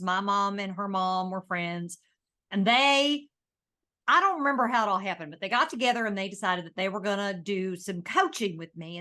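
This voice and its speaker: A woman co-hosting a podcast, chatting casually and telling an animated story. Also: mid-range voice. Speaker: podcast co-host. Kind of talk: casual chat.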